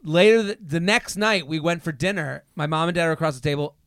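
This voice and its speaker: A man hosting a podcast, telling an animated story and acting out the people in it. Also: a little fast, clear, resonant tone, dry recording. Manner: animated storyteller, acts out his mom's lines in a high voice. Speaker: podcast host. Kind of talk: casual storytelling chat.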